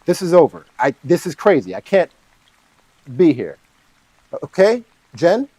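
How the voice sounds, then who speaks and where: A man voicing a fed-up young fiancé who breaks off the engagement in halting, exasperated bursts. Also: on the high side, big pitch swings, dark tone, husky, no room sound, heavily acted, low-quality recording.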